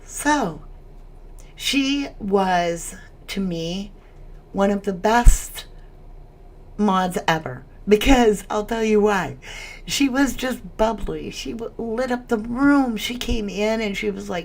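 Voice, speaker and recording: A woman's voice: medium pitch, takes it slowly. A woman hosting a casual livestream chat, emotional as she reads viewer comments aloud. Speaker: livestream host.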